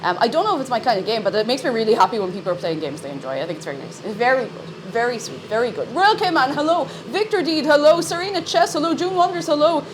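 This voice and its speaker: A young woman streaming from home, chatting brightly with her viewers and greeting them by name. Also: high voice, very animated, fast talker, hardly any pauses, noisy background. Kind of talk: casual live-stream chat.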